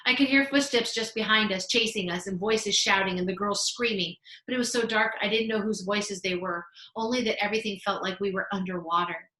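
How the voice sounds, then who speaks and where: A woman teacher reading a children's novel aloud in an expressive storytelling manner. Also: mid-range voice, brisk, hardly any pauses. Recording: roomy echo.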